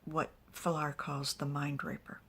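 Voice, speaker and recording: A woman narrating a fantasy story in soft, whispered ASMR storytelling with small asides. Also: sits low, monotone, a little slow, vocal fry, slight background noise.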